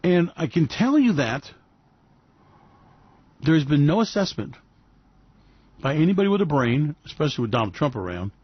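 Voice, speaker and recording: A man's voice: on the high side, sing-song, moderate pace, pauses often, husky, dry recording. Sarcastic, rambling male commentator. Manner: rambling, sarcastic, fillers and restarts. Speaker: host. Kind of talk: sarcastic radio commentary monologue. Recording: dull lo-fi dry recording.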